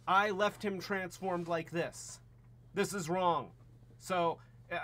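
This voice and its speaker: A man's voice: on the high side, pushed and bright. A man giving a casual toy review in a playful, rambling, jokey way.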